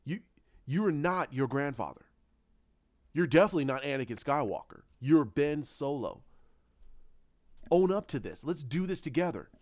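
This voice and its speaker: A man voicing an earnest young male ex-soldier who urges a rival to redeem himself, sounding urgent and a little lower and slower than his own telling, on a dull, dry recording. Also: dry recording, close to an everyday voice.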